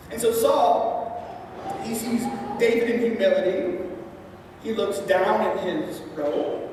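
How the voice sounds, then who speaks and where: A high-voiced woman preaches to a congregation, recounting a story with casual, playful asides. She is heard from a distance in a big, echoing church hall with a long reverb tail. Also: animated, takes it slowly, long pauses, darkish tone, slight background noise. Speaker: pastor. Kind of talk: sermon. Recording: echoey hall from far off.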